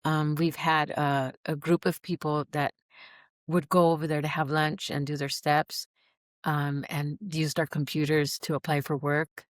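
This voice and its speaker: A middle-aged woman, a podcast guest, earnestly telling her personal story in an animated, heartfelt way. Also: sits low, measured pace, no room sound, clean studio sound. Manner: earnest, animated, acts out quoted dialogue. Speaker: podcast guest, recovery program alumna.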